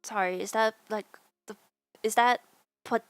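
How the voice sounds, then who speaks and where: A young woman with a lisp and some vocal fry from a sore throat, chatting casually to her stream, rambling with lots of fillers and sudden laughing squeals. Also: medium pitch, steady tone, unhurried, no room sound. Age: young adult. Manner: rambling, many fillers and restarts. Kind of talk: casual chat to a live stream.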